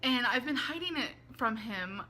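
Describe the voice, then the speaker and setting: A woman's voice: fairly high pitch, animated, moderate pace, sharp tone, faint music behind. A woman in a confessional vlog, earnest and emotional, reading out messages and talking them through. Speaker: vlogger.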